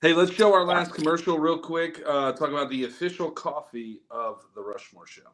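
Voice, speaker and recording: A man co-hosting a casual podcast, tossing in quick jokes and leading into promos. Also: on the high side, a crowd in the background. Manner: quick jokey interjections, reads show promos. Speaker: podcast co-host.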